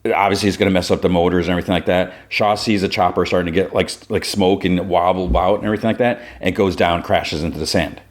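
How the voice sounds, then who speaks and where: A man with a very low voice retells a show's episode on his podcast. He talks loosely and casually, leaning on "like" as he goes. The tone is easygoing recap chat. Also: fairly even intonation, quick pace, few pauses. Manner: loose storytelling with many "like" fillers. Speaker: podcast host.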